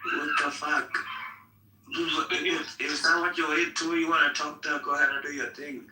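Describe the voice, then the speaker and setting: A man's voice: a little high, level tone, moderate pace, pushed and bright, soft background music. A man in heated casual banter, repeating profane insults. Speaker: streamer. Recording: echoey room, voice from far off.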